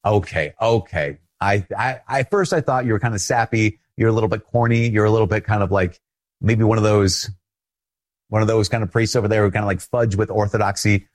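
A man with a Minnesotan accent giving an earnest, conversational sermon as a Catholic priest, often repeating phrases and laughing softly. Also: deep voice.

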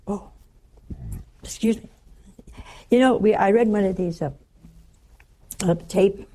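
Woman rambling through spiritual stories, husky, mellow dark voice. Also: medium pitch, lively intonation, slow, pauses often. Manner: rambling storytelling with acted quotes. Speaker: religious speaker. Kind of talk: spiritual talk.

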